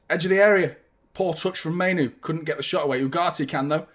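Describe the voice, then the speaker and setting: Young man, fan watchalong host, excitable, sweary, slightly high voice. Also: a little fast. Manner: excitable, swearing, chanting along. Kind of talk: live football watchalong commentary.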